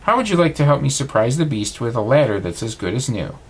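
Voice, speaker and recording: A man reading aloud, voicing a kind, bookish young woman heroine in a bedtime storybook with a husky voice. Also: mid-range voice, very animated, fast talker. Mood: cheerful.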